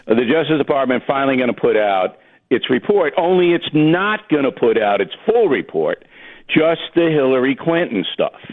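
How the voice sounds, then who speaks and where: A man calling in as a radio guest, blunt and dismissive, talking in quick bursts. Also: medium pitch. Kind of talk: casual radio talk. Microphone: telephone. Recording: phone line.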